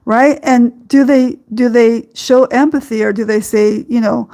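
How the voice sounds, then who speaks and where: A woman hosts a podcast with a reflective spiritual talk. Her voice sits a little high, and she speaks very slowly. She keeps pausing with ums and you-knows as she gathers her thoughts. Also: steady tone, warm tone. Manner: slow, halting, many ums and you-knows. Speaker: podcast host.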